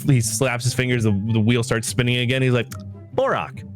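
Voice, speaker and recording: A man's voice: medium pitch, fairly even intonation, a little fast, close to an everyday voice. A man voicing a showy male game-show host who hams up his announcer patter. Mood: hammy. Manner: brassy, over-the-top announcer patter. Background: background music.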